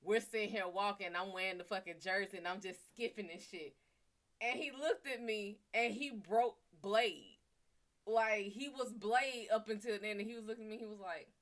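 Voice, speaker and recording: Bright-voiced woman telling a story on a stream. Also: mid-range voice, moderate pace. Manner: profane, chatty, talks to viewers. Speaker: livestream host. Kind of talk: casual storytelling on a livestream.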